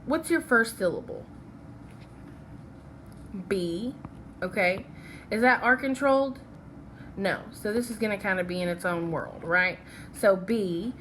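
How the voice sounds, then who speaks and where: Slow, patient woman teaching phonics. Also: medium pitch, a bit bright, slight background noise. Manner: patient, checks in with "okay?" after each step. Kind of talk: phonics lesson with slides.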